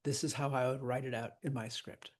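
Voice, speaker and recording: A man's voice: mid-range voice, steady tone, brisk. A man teaching a lesson on verse scansion, chatty and demonstrative, sounding out rhythms aloud.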